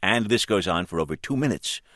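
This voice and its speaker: A man hosting a radio news interview, asking measured, probing questions. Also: fairly low pitch, animated, a bit bright, no room sound, studio quality. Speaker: radio host.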